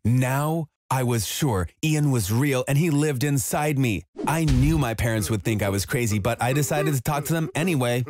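A man telling a scripted first-person story in an even, measured way. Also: mid-range voice, slight background noise. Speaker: narrator.

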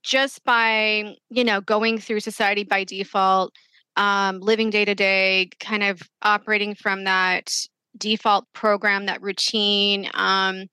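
A woman's voice: medium pitch, little pitch movement, takes it slowly, pushed and bright, smooth, no echo. A woman hosting a casual interview, thoughtful and searching as she talks. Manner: thoughtful, searching, many fillers.

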